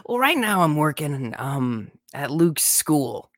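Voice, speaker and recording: Animated, jokey man speaking in character. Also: a little high, no room sound. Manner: jokey, halting with restarts. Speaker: guest. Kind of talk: in-character interview chat.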